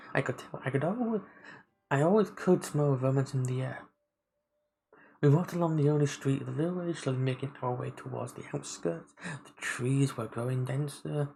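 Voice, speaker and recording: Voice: medium pitch, creaky, a little mellow, slight background noise, rough recording. A streamer on a live game play-through, reading the story text aloud and stopping to comment, often stumbling over and restarting words.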